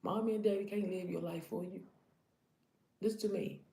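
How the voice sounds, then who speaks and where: A woman's voice: mid-range voice, fairly even intonation, moderate pace, gravelly, mellow, roomy sound. A woman in her thirties giving an earnest, preachy motivational talk to her followers, often repeating herself to drive points home. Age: 30s. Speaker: vlogger.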